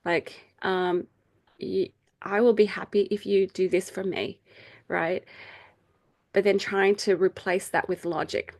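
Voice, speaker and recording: A middle-aged woman leading a faith group meeting over a video call, explaining ideas in a casual, chatty way, laughing often and acting out quoted people in a higher voice. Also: steady tone, unhurried, darkish tone. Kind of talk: casual teaching talk.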